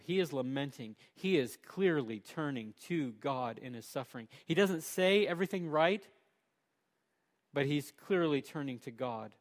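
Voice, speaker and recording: A male pastor with a high voice delivers a sermon. He is emphatic, swinging from loud, punchy lines to quiet, low ones. He slows right down to lean on key words.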